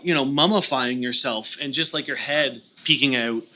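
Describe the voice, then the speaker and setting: A man's voice: mid-range voice, moderate pace, bright, forceful tone. A man co-hosting a podcast live on stage, joking and rambling with many restarts in casual talk. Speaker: podcast co-host. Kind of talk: casual comedic chat. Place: live show venue on stage.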